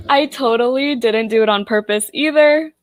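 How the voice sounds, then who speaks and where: A woman's voice: high voice, big pitch swings, a little slow, dry recording, clean studio sound. A young American woman hosting a live book-club stream, laughing often and greeting viewers from the chat. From United States. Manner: giggly, reads out chat comments. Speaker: host.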